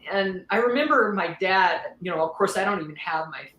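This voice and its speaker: A woman guest on a podcast, telling her story in a candid, lively way, laughing often and acting out what others said. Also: on the low side, brisk, reverberant, rough recording. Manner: animated, laughs often, acts out quoted voices.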